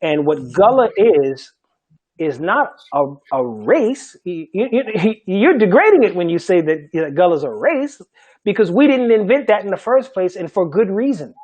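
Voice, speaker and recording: A middle-aged man from Charleston, a Gullah language teacher, speaking emphatically in an animated panel talk and laughing often. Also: high voice, normal speed, low-quality recording. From Charleston, South Carolina.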